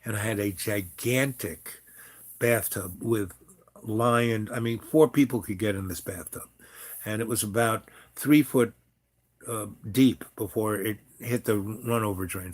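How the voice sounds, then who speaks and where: A man telling a personal story in a casual, rambling way, frank and loose, with lots of asides. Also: on the low side. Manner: rambling and frank, many fillers and restarts.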